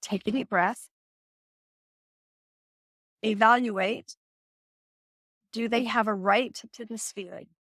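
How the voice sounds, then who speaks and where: A woman's voice: mid-range voice, fairly even intonation, takes it slowly, long pauses, fairly bright tone, no room sound, clean studio sound. A middle-aged woman hosting a live self-help talk, earnest and coaching, acting out example conversations in her own voice. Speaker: host.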